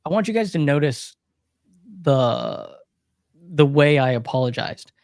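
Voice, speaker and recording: A man's voice: fairly high pitch, animated, unhurried, a little mellow, dry recording, studio quality. A young man co-hosting a livestream Q&A as a recovery coach, talking earnestly and reflectively with emphatic repetition. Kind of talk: casual livestream Q&A talk.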